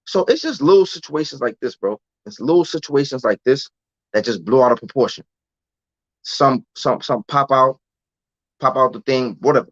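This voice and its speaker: A man's voice: mid-range voice, animated, normal speed, fairly bright tone, dry recording. A man, telling a candid story as a podcast guest in streetwise slang. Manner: streetwise slang, often adds "you know what I'm saying". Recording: dull, dry lo-fi recording.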